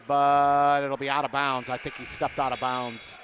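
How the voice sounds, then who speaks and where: A man's voice: medium pitch, level tone, unhurried, hardly any pauses, a bit bright, a little hiss or hum. A man doing play-by-play for a basketball game from a broadcast booth, chatting with guests between plays. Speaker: play-by-play announcer.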